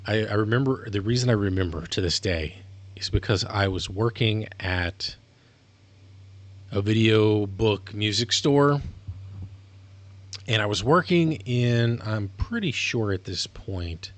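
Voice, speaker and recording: A man's voice: fairly low pitch, a little slow, dry recording. A man streaming live, talking casually in a rambling, self-correcting way as he explains things. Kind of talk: casual livestream monologue.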